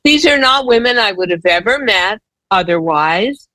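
A woman's voice: mid-range voice, expressive, normal speed, sharp tone, dry recording, low-quality recording. A woman sharing personal stories as a guest in a conversation, candid, emotional and emphatic.

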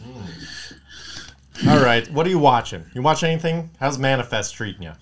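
A man's voice: mid-range voice, very animated, normal speed, a little hiss or hum. A man co-hosting a casual podcast chat, joking, swearing a lot and acting out the people he quotes.

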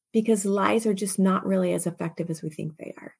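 A woman's voice: medium pitch, fast, vocal fry, hardly any pauses, a little mellow, breathy edge. A woman preacher hosting her show, speaking with emphasis and repeating key phrases for stress, then reading scripture aloud.

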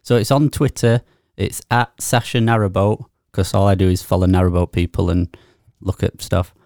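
A man's voice: low-pitched, fairly even intonation, normal speed, darkish tone, dry recording, clean studio sound. A man co-hosting a casual podcast, easygoing and chatty. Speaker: podcast co-host. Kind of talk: casual chat.

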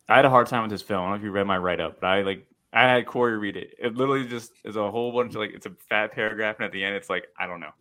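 A man's voice: fairly low pitch, fairly even intonation, very fast, few pauses, bright, forceful tone. A man on a podcast panel in casual discussion, pressing others with questions and restarting with lots of "like".

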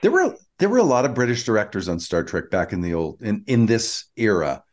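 Lower-voiced man recapping an episode. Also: fairly quick. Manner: steady, informative, leads the recap. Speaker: podcast co-host. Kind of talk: casual chat, recapping an episode.

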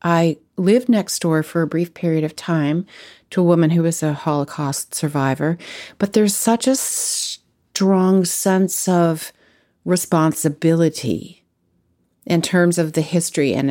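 A woman's voice: sits low, unhurried, warm tone. A woman interviewing an author, engaged and affirming, with admiring comments and questions.

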